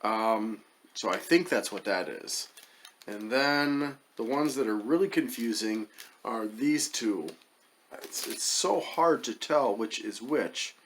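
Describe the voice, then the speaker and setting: A man's voice: mid-range voice, takes it slowly, fairly bright tone, a little hiss or hum. A man casually reviewing chocolates as the host of his own channel, wry and hesitant, muttering as he tastes. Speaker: food reviewer.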